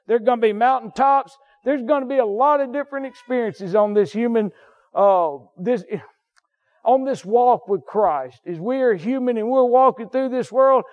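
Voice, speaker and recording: Male pastor, high-pitched, fervent sermon delivery, muffled recording. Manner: fervent preaching with sudden high shouts and soft drops.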